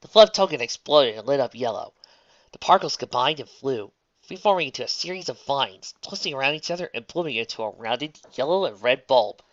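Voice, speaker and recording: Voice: medium pitch, expressive, a little fast, dry recording, lo-fi sound. A reader narrating a fan story aloud, breaking off for chatty asides to listeners.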